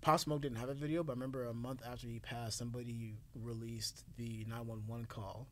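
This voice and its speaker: A man co-hosting a casual podcast, telling stories and making points in a measured way. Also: mid-range voice, flat delivery. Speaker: podcast co-host. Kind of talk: casual discussion.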